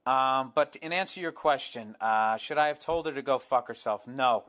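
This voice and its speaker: A man's voice: medium pitch, normal speed, a bit bright. A man with a Boston accent hosting a podcast, reading a listener's letter and answering it in a blunt, sarcastic, profane monologue. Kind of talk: casual comedic podcast monologue.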